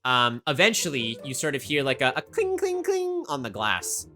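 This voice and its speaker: A woman's voice: extremely low pitch, brisk, bright, forceful tone, soft background music. A woman narrating a tabletop game as game master, casual and loose with lots of fillers. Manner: casual, many fillers, laughs often.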